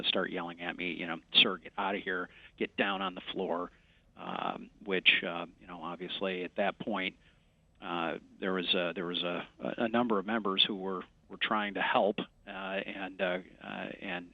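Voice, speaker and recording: Halting low-voiced man on a muffled line. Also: creaky, dry recording. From West Michigan. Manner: halting, many fillers and restarts. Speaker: congressman. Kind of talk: remote news interview.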